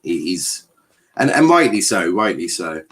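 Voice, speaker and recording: A man's voice: low-pitched, very animated, a little slow, a bit bright. A man hosting a live football watchalong, commentating casually with jokes, swearing and lots of fillers. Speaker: host.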